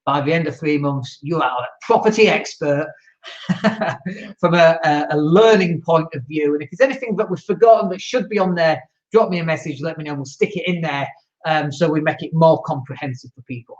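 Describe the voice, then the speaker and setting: A man's voice: a little high, a little fast. A man hosting a live-streamed show and talking casually to his viewers, chatty and loose, with fillers and small laughs. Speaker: host. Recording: echoey room, dull lo-fi sound.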